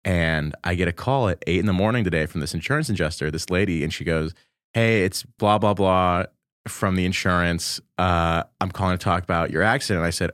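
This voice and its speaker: A man's voice: low voice, brisk, fairly bright tone, clean tone, no echo, studio quality. A man co-hosting a casual comedy podcast, telling a rambling, self-deprecating story and acting out the voices of the people in it. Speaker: podcast co-host.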